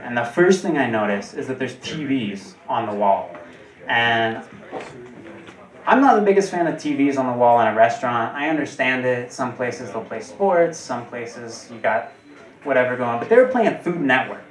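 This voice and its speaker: A man's voice: lively intonation, normal speed. Stand-up comic man in a roomy club. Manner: jumps high and loud on punchlines. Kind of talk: stand-up routine. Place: comedy club stage. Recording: roomy and distant. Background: audience laughter.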